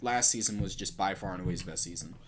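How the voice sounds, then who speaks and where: Opinionated young man talking fast. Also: low-pitched, crowd noise. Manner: emphatic, opinionated, repeats himself. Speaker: co-host debating esports. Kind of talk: casual esports debate chat.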